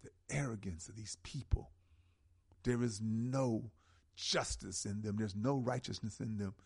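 A man hosting a call-in radio talk show, speaking with an impassioned, preaching cadence and slow, emphatic stresses. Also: on the low side, creaky, a little mellow, breathy edge.

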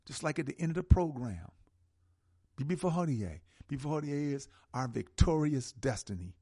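A man hosting a call-in radio talk show, speaking with an impassioned, preaching cadence and slow, emphatic stresses. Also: fairly high pitch, very animated, dark tone, husky.

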